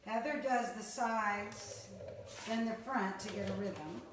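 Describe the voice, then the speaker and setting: A woman's voice: medium pitch, slow pace, recorded from a distance. Woman reading comments from across the room. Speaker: livestream helper reading comments. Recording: echoey room, off-mic, noisy.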